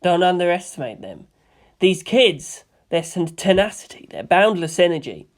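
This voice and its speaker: A woman voicing a calm, sly teenage boy who speaks softly and easily. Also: lowish voice, normal speed. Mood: earnest.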